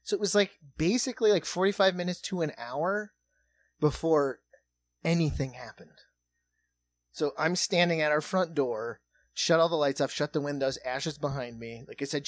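Profane, animated man telling a story. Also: a little high, normal speed, no echo. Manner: profane, animated, swings between hushed and loud. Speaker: comedy podcast host. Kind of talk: casual comedic storytelling.

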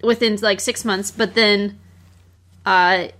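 A woman co-hosting a casual film discussion, recapping the plot in a relaxed, chatty way. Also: mid-range voice, slow pace. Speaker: podcast co-host.

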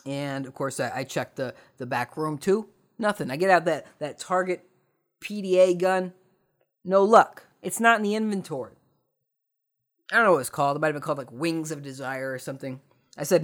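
A man's voice: on the high side, moderate pace, a bit bright. Young male podcast host with a sarcastic, swearing storyteller's rant that swings between mutters and outbursts.

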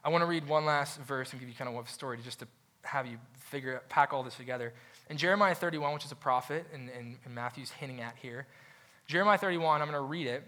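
Speaking quickly in a mid-range voice, a young adult pastor gives a sermon that feels lively and chatty. He often starts phrases over and performs the voices of people he quotes.

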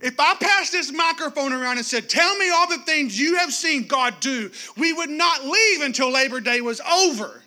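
A man preaching a sermon, swinging from loud declarations to hushed, quiet passages. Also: extremely high pitch, lively intonation, normal speed, few pauses. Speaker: pastor.

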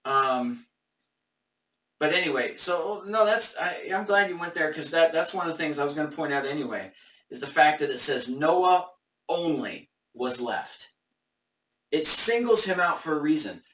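A man's voice: a little high, lively intonation, moderate pace, a bit bright, recorded from a distance. Man thinking aloud in a roomy space. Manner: thinking aloud, hesitant, many restarts. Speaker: Bible study host. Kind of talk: casual Bible study discussion, live on camera.

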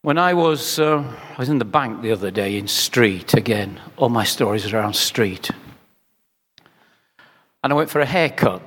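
A man's voice: medium pitch, animated, moderate pace, fairly bright tone. An older man preaching a sermon, shifting into chatty storytelling and repeating phrases for rhetorical effect. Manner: conversational storytelling with rhetorical repetition. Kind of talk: sermon with anecdotes. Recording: reverberant hall.

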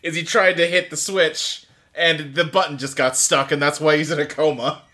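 A man's voice: fairly high pitch, flat delivery, normal speed, sharp tone. A man co-hosting a casual podcast, chiming in and mock-quoting characters. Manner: chimes in, mock-quotes characters. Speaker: podcast co-host. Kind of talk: casual chat.

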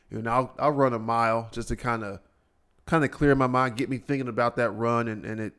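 A man's voice: medium pitch, fairly bright tone. A man hosting his own podcast, ranting alone in a profane, exasperated way and mocking other people's phrases. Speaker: podcast host. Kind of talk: solo podcast rant.

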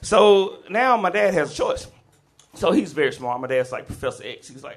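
A man from the Southern US telling a comic personal story at a live storytelling event, in an animated, chuckling, conversational way. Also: mid-range voice, normal speed.

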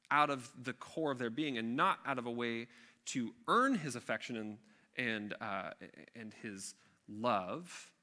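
A man's voice: medium pitch, pushed and bright. A man preaching a sermon in a conversational, emphatic way, with chatty asides to the congregation. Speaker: pastor.

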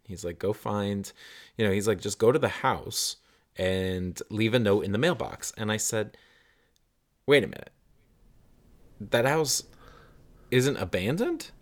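Casual male podcast host, lowish voice, lively storyteller who acts out the people he quotes. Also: measured pace, long pauses.

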